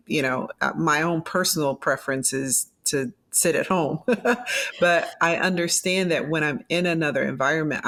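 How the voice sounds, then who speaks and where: A middle-aged woman, a former news anchor, talking in an interview in a reflective, animated way with frequent restarts. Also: low-pitched. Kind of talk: conversational interview.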